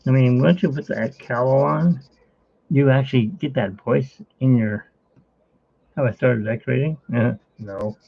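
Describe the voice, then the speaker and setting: A man with a gravelly, husky voice chats casually while he draws on a live stream. He rambles and cuts himself off mid-thought. The audio is muffled and lo-fi. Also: medium pitch, unhurried, no echo. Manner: rambling, self-interrupting. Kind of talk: casual chat while drawing.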